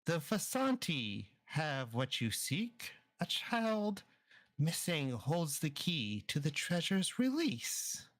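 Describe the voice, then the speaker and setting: A guy voicing a mysterious old fortune teller woman, slow and cryptic, bouncy pitch, dry mic. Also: very animated, fairly bright tone, no echo, heavily acted. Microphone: online voice chat mic.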